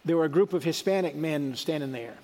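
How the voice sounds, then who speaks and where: A man's voice: a little high, fairly quick, darkish tone, big-room sound. A middle-aged man giving a sermon in a conversational, folksy way, with asides and restarts. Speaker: preacher.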